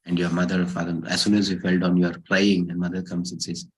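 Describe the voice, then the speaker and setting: Guy teaching a gita class, low voice, tells a story w lots of questions. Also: quick pace, low-quality recording. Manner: animated storytelling, rhetorical questions. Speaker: spiritual teacher.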